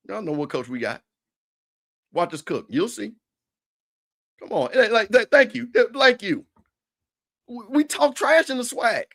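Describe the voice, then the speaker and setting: High-voiced man trash-talking. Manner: animated, repetitive, trash-talking with stammered restarts. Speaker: show host. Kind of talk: casual livestream trash talk.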